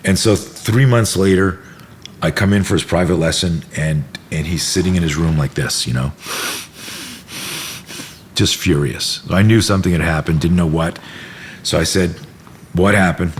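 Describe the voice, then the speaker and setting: A middle-aged man with a very low, deep voice spins a story in a relaxed interview, jumping into other people's voices and swearing freely. A faint room hum sits behind him. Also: moderate pace, pauses often. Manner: animated storyteller, acts out quotes, swears freely. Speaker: self-defense instructor, podcast guest.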